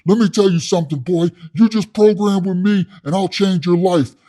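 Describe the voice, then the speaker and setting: A man doing a comic impression of a loud, boastful male prison coach who bosses people around. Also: sits high, normal speed, voice pushed up, lightly acted. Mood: bossy boasting. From California. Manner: loud, aggressive, boastful, calls others soft boy. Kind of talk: comedic impression.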